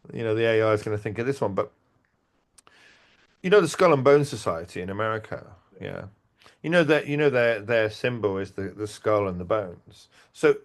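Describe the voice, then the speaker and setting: A man telling stories in casual talk, animated, acting out quotes and restarting his sentences. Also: medium pitch. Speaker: event organizer and podcast guest. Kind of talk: casual conversational storytelling.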